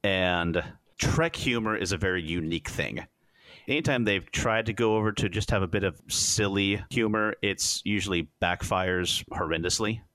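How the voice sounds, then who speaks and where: A man hosting a casual podcast chat, reviewing a show as an animated storyteller who acts out the scenes. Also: deep voice, moderate pace, no room sound.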